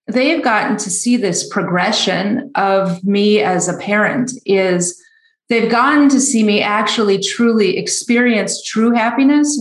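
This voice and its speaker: Earnest heartfelt woman in echoey room. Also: medium pitch. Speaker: guest author. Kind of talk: podcast interview.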